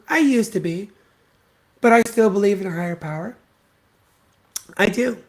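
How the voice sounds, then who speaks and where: Blunt, profane podcast host ranting solo. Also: medium pitch. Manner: emphatic repetition. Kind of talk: solo opinion rant.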